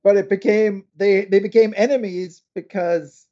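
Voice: medium pitch, steady tone, normal speed, mellow, muffled recording. A podcast co-host casually recapping a TV episode, chiming in with agreement.

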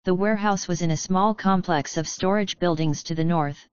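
Steady woman reading a story aloud. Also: fairly low pitch, moderate pace, clean tone, no echo, dull audio. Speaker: audiobook narrator. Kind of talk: scripted narration.

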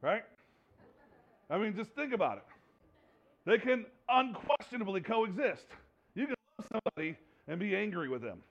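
A man's voice: high-pitched, normal speed, vocal fry, long pauses, highs cut off. A man preaching a sermon, asking the congregation rhetorical questions and acting out what people say. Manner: animated, rhetorical questions, acts out quoted voices. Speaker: pastor.

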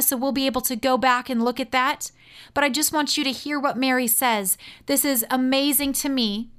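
A woman's voice: high-pitched, fairly bright tone, clean tone. A woman teaching a sermon, telling a Bible story expressively and reading scripture aloud.

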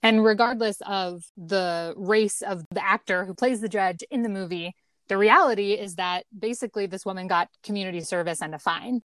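A woman in a casual film discussion, making steady analytical points and often ending them with "right?". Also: medium pitch, no echo.

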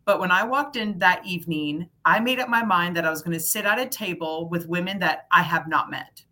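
A middle-aged woman in casual chat, telling an animated story and acting out the people she quotes. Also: fairly low pitch, fairly quick.

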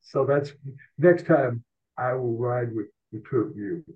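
An older man with a husky, worn voice spins animated, self-mocking anecdotes as a podcast guest. His sound is thin and phone-like, as if he's calling in over a narrow line. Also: medium pitch, a little slow. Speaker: podcast guest, sports columnist. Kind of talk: rambling anecdotal storytelling.

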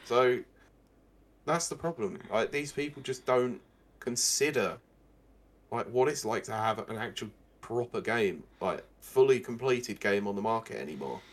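A man's voice: mid-range voice, expressive, a little slow. A young man co-hosting a casual gaming news podcast, reading out stories and answering them with sarcastic remarks. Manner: sarcastic, reads news quotes and riffs on them. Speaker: podcast co-host.

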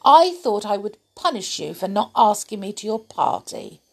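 A woman's voice: medium pitch, sing-song, moderate pace, gravelly, voice pushed up. A woman voicing a cheeky, naughty girl doll with a haughty, affected manner, reading a storybook. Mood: smug.

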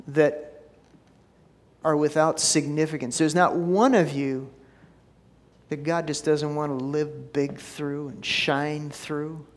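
A man preaching as pastor, folksy and chatty with frequent restarts, telling a joke and praying in a church. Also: on the high side. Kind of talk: sermon with joke and prayer. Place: church sanctuary. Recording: long church hall reverb.

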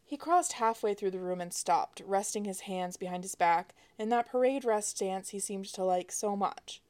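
Author-narrator, woman, wry expressive audiobook reading. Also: medium pitch, moderate pace.

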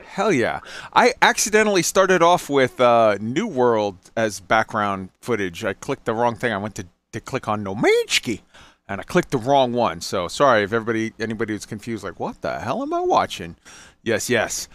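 Lively, loose-talking male podcast host. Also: medium pitch, normal speed, dry recording. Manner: loose, drinking and joking, lively swoops. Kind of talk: casual chat.

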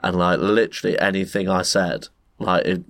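A man co-hosting a podcast, telling a story in casual chat and acting out people in shrieking high voices. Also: moderate pace, creaky. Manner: animated, swears a lot, acts out other people with shrieking high voices. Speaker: podcast co-host.

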